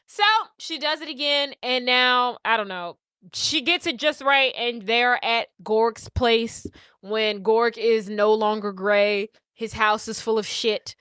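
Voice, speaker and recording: A woman's voice: fairly high pitch, takes it slowly, smooth, dry recording, studio quality. A woman co-hosting a podcast, casually recapping a movie with lots of profanity and acted-out quotes. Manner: animated retelling, profane, acts out quotes. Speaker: podcast co-host.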